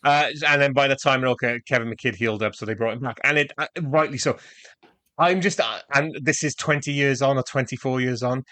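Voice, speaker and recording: A man's voice: mid-range voice, brisk, bright, forceful tone, no room sound. A man co-hosting a film podcast, talking in a casual, rambling way full of fillers. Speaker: podcast co-host.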